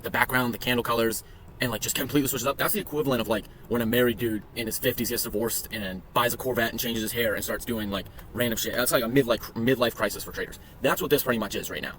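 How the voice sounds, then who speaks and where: A man rattles through his trading charts at a quick clip, cracking crude jokes and swearing freely. His voice sits at an ordinary middle pitch, with a faint hiss in the background. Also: fairly bright tone. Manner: crude joking, profane, rambling asides. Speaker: day trading vlogger. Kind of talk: casual screen-share commentary.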